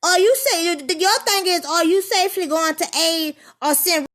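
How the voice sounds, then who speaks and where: Woman, heated rambling rant, profane, high-pitched, sharp tone. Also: moderate pace. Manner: rambling, profane, heated, swings between low grumbling and loud outbursts. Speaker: vlogger. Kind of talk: casual ranting monologue.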